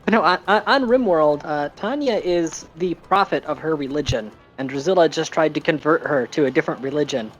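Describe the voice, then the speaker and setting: An animated streamer narrating in-game events and cheering the characters on. The talk is casual and loose, full of quick reactions. Soft background music runs under the voice. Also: medium pitch, lo-fi sound. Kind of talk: casual gaming stream chat.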